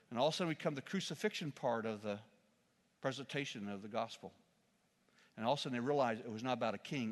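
A man preaching a sermon as an animated storyteller, jumping from loud exclamations to quiet, solemn asides. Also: on the high side, in a large hall.

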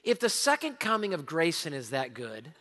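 A man, preaching a sermon as pastor, telling stories with lively swings between loud and hushed. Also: fairly high pitch, normal speed. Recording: church hall reverb.

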